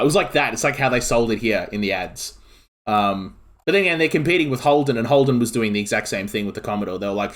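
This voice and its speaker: An Australian man streaming a game and chatting casually, rambling excitably with lots of filler words. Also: medium pitch, quick pace. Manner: rambling, excitable, heavy use of "like". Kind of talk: casual chat while streaming.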